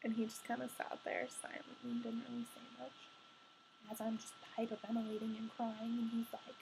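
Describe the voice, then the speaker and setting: A woman's voice: a little high, brisk, vocal fry, slight background noise, poor audio. A young adult woman telling a personal story in a candid, confessional way, chatty and full of "like" fillers.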